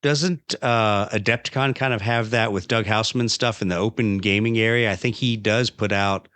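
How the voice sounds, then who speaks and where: A man's voice: lowish voice, fairly even intonation, normal speed, a bit bright, clear, resonant tone, no room sound. A man hosting a casual podcast chat, rambling and joking with plenty of fillers and restarts. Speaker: podcast host.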